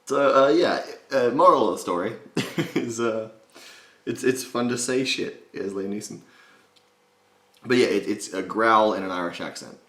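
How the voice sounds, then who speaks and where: A man's voice: fairly low pitch, measured pace, fairly bright tone. A man hosting a voice impression tutorial, rambling and self-mocking in a casual, joking way. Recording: roomy echo.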